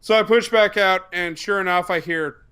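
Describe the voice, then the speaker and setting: A young man telling a profane, excitable story on a casual podcast, bursting into shouts for the quoted parts. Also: sits high, normal speed, clear, resonant tone. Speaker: podcast co-host.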